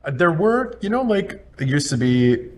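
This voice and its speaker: A man chatting as a talk show guest, relaxed and expressive. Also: fairly high pitch, normal speed. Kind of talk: casual chat.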